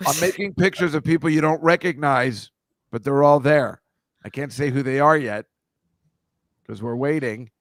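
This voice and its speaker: A man's voice: fairly high pitch, normal speed, no echo, clean studio sound. A man hosting a casual comedy chat, teasing his guest with a guessing game of photo clues. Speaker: podcast host.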